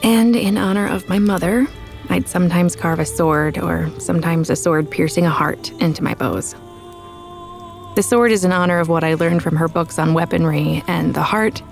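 A young woman narrating a first-person audiobook in a soft, intimate, reflective way. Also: fairly low pitch, gravelly. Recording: with background music.

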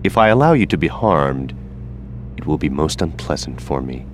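A man voicing a very deep, formal demon familiar. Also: big pitch swings, faint music behind. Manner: formal, measured, precise.

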